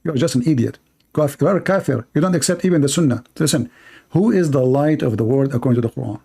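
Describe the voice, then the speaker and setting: A man's voice: medium pitch, quick pace, gravelly, mellow, husky. A man with an Arabic accent hosting a heated live debate, mocking and interrupting, repeating his question over and over. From Middle East. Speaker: debate host.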